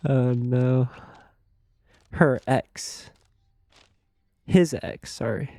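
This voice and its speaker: A man's voice: mid-range voice, drawn-out words, creaky, mellow, dry recording. A man live-streaming a game, chatting casually and crudely with his audience in a rambling way. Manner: rambling, crude, laughs easily.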